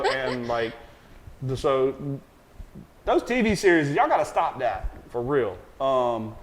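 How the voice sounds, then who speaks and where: A private chef with a Southern American accent and a mid-range voice chats in an interview, animated and rambling. He jokes and swears casually, and the recording quality is low.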